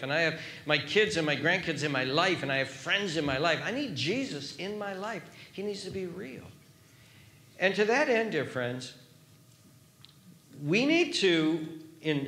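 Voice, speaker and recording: An older man preaching a sermon, emphatic, pushing his voice up high on questions and then dropping it low. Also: bright, forceful tone. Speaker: pastor.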